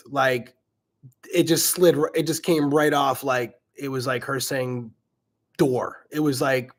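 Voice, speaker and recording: A middle-aged man with a noticeable regional accent hosts a casual question-and-answer session and tells stories with lively energy. His voice sits at an ordinary middle pitch. He curses casually as he talks. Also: takes it slowly. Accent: regional accent, self-noted. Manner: animated storyteller who swears casually. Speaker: podcast host. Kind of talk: casual Q&A storytelling.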